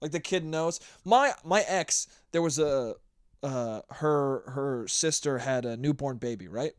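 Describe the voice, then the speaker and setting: A man's voice: medium pitch, animated, measured pace, clear, resonant tone, no room sound, clean studio sound. A young man hosting a solo podcast, telling stories in a blunt, profane rant. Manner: blunt, profane, ranting storyteller. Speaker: podcast host.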